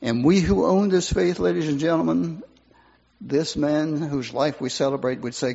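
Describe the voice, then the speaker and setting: A man's voice: a little high, moderate pace, vocal fry, a little mellow, slightly rough. An older man, a pastor, delivering an earnest funeral sermon, his voice swelling and dropping for emphasis. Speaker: pastor giving a eulogy. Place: church sanctuary. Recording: muffled hall recording with long reverb.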